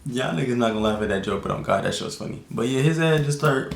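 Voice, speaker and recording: Young dude with a gravelly voice, slangy storytime vlog, echoey room. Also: male voice, fast. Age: young adult. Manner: slangy, animated retelling with many fillers. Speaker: vlogger. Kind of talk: casual storytime. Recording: echoey room with faint rumble.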